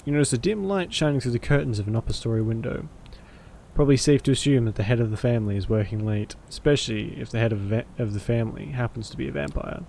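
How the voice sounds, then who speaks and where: A man narrating a visual novel aloud in a measured, theatrical way. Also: mid-range voice, gravelly, darkish tone, slight background noise. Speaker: streamer and voice actor.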